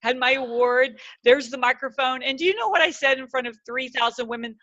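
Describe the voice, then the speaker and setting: A woman with a bright, forceful, fairly high voice tells stories from her career in conversation. She is animated and acts out her own excited lines. The sound is dry and close. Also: a little fast, no room sound, dull audio. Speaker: guest speaker. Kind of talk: lively storytelling in conversation.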